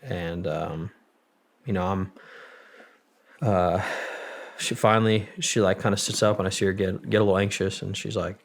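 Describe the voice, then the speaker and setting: A man with a very low, gravelly voice recounts his story as an interview guest. He rambles casually and swears freely as he talks. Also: fairly even intonation, moderate pace, pauses often.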